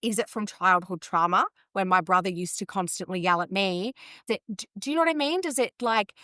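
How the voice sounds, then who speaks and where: A woman's voice: mid-range voice, brisk, pushed and bright, dry recording. Australian woman, 30s, podcast guest, candid and earnest, self-correcting, dry close sound. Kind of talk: candid conversational interview.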